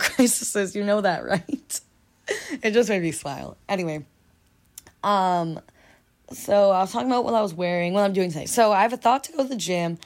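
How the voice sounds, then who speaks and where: A young woman hosting a solo podcast in a casual, rambling chat, giggling often and trailing off into quiet mumbles. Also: on the low side. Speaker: podcast host.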